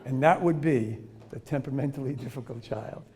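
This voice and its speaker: A man presenting a training talk on handling difficult behavior in young children, speaking in a lively way. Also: medium pitch, brisk. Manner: lively, acts out children's voices in quotes. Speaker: parenting and teaching workshop speaker.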